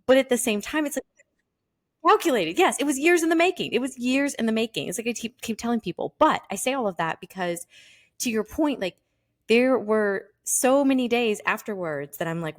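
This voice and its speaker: A woman's voice: a little high, normal speed. A woman hosting a podcast, talking candidly and animatedly, with "like" in nearly every phrase. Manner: animated, candid, says "like" constantly. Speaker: podcast host. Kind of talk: casual conversation.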